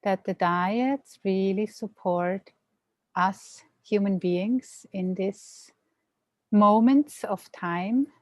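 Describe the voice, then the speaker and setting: A woman's voice: medium pitch, drawn-out words, a little mellow, no room sound. A woman as a guest on a live stream, talking earnestly about a meditation practice. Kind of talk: casual chat.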